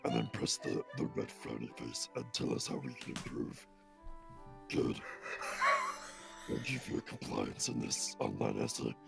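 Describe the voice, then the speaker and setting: Super deep gravelly little king, deadpan and creepy, voice swooping way up and down. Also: measured pace, long pauses, over music, heavily acted. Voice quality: extremely deep gravelly growl. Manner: deadpan, ominous declarations. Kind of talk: mock dubbing over a game cutscene.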